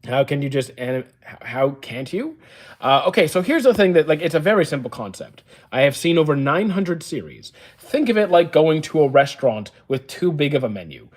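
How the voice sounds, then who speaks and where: A man in his thirties, a streamer, casually reading viewer comments aloud and answering them with dry, deadpan replies from an indoor storage room. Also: on the high side, brisk, few pauses. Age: 30s. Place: indoor room used for storing action figures.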